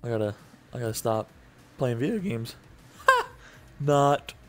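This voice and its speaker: A man's voice: mid-range voice, very animated, brisk, dark tone, soft background music. A tired young man hosting casual gameplay commentary, profane and cranky, swearing constantly. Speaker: gaming channel host.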